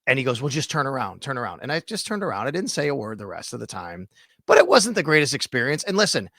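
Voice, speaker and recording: A middle-aged man, hosting a casual sports podcast and retelling stories with animated detail. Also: medium pitch, fast, gravelly, no echo, clean studio sound. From Western New York. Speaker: podcast host.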